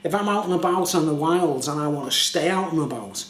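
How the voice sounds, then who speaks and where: A man's voice: on the high side, fairly quick, roomy sound. A British man chatting in a rambling, casual way for his vlog, often asking "you know what I mean?". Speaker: YouTuber reviewing beer.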